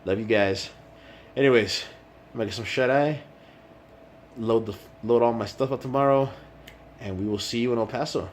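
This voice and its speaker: A man's voice: mid-range voice, moderate pace, pauses often, slight background noise. A man chatting casually in a vlog, rambling and swearing freely, indoors at night while away on a work trip. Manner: rambling and profane. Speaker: vlogger.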